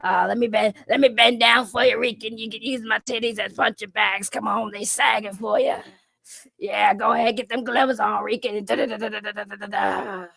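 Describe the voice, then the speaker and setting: A crude, sleazy woman character with a low, gravelly rasp that grinds through every drawled taunt, as a woman puts her on. She sneers and teases in a close, dry-sounding voice. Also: fairly even intonation, normal speed, a bit bright, no echo. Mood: mocking.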